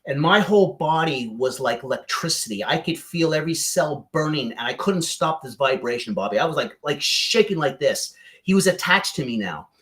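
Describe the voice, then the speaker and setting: A man, a podcast guest, telling a personal story in an animated way and often addressing the host by name. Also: fairly high pitch, normal speed, few pauses. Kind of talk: emotional storytelling.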